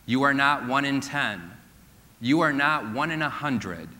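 An earnest male preacher with a bright, forceful voice. He drops to a slow hush for his key points. His sermon rings out with a long reverb from the church hall. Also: mid-range voice, animated. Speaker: pastor.

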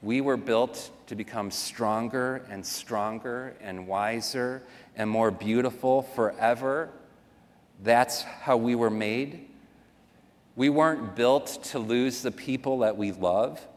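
A man's voice: mid-range voice, takes it slowly. Preaching man in a reverberant hall. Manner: earnest, conversational preaching with asides to the congregation. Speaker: pastor. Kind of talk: sermon. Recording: long reverb of a large hall.

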